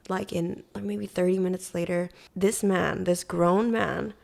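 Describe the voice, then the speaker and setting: A woman's voice: on the low side, flat delivery, moderate pace, gravelly, a little mellow. A woman from Hawaii, a podcast guest, telling a story in a chatty way, with lots of "like" and frequent swearing. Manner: chatty, heavy use of "like", swears often. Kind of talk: casual storytelling.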